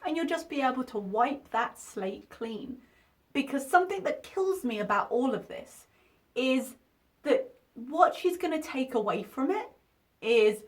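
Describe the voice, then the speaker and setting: A woman's voice: high-pitched, lively intonation, a little slow. A woman hosting a reaction video, commenting in a sarcastic, exasperated way and swearing freely.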